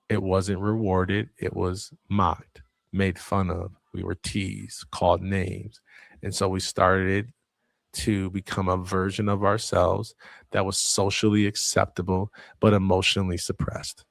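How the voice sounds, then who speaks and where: A man's voice: sits low, creaky, dry recording. A man hosting a livestream as a speaking coach, talking casually and chattily while he thinks aloud. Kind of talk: casual motivational livestream talk.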